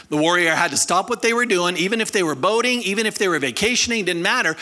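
A pastor preaching a sermon to his congregation, telling stories with lively acted voices and calling on the listeners to respond. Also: on the high side. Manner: animated storyteller, acts out quoted people; calls on the congregation to answer.

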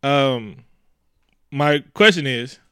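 A man retelling a movie as a comedy bit, animated, slipping into character voices. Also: drawn-out words, smooth, no room sound, clean studio sound. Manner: animated storytelling, voicing characters with big pitch jumps.

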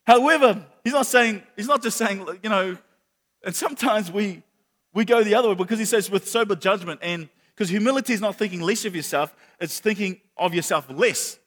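High-voiced New man preaching. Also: brisk, long reverb tail. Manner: animated storytelling with acted-out quotes and repeated words. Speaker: pastor. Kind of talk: sermon.

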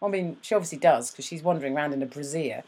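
A woman's voice: sits low, rapid-fire, heavy background noise. A British woman co-hosting a podcast, chatting casually and teasing her co-host in a sarcastic way. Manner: sarcastic, teasing, puts on voices when quoting. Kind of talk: casual chat.

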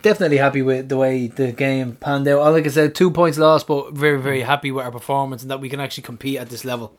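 A man's voice: mid-range voice, fairly even intonation, quick pace. A man co-hosting a casual football fan podcast, jokey and laughing often, swearing casually. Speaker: podcast co-host.

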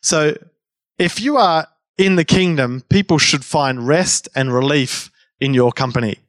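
A man's voice: fairly high pitch, unhurried, fairly bright tone, no room sound. A man preaching a sermon in a conversational way, prompting the congregation and often restarting his sentences.

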